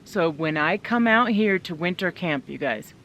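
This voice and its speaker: A woman's voice: fairly low pitch, lively intonation, normal speed, fairly bright tone, a little hiss or hum. A woman vlogging from inside her tent in the snowy woods, chatting casually and upbeat straight to her viewers. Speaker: solo winter camping vlogger. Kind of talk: casual chat to camera.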